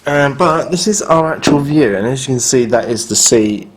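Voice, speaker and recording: Filming his hotel room on a handheld camera, a man talks through a review at a normal speed in a plain mid-range voice. His tone is blunt and mildly sarcastic as he offhandedly complains about fittings that don't work.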